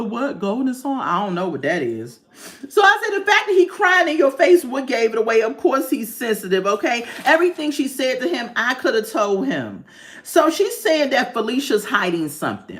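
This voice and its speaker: Host: woman, lively and sassy pitch swings, chatty TV recap commentary with frequent laughs. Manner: animated, sassy, laughs often. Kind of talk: casual commentary.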